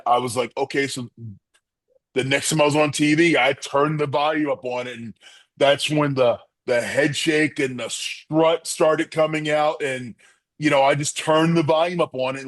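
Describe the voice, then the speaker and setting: A man's voice: fairly high pitch, no echo. A middle-aged man, a former wrestler, telling stories as an interview guest and acting out the quotes in them. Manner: animated storyteller, acts out quotes. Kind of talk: storytelling interview answers.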